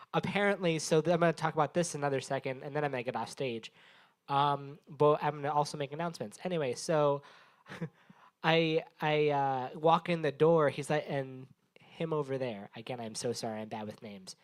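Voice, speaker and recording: A young man with a slightly high voice works the crowd at a small bar open mic, rambling and swearing as he teases people in the room. He speaks into a handheld stage mic in a loose, offhand way. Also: moderate pace. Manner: rambling, profane, teasing the audience. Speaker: stand-up comedian and open mic host. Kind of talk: live stand-up crowd work. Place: small bar venue stage before a live audience.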